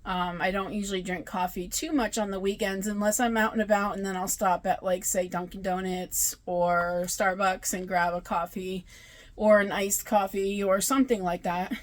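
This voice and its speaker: A woman's voice: mid-range voice, steady tone, moderate pace. A woman vlogging about crochet in a casual, rambling chat, tired and often correcting herself. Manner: chatty, rambling, self-correcting. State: tired, yawning.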